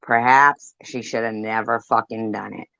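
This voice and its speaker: A woman's voice: a bass voice, steady tone, moderate pace, gravelly, bright, forceful tone, dry recording, muffled recording. A woman hosting an angry commentary over clips, swearing and repeating herself defiantly. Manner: profane, defiant and repetitive. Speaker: commentary channel host.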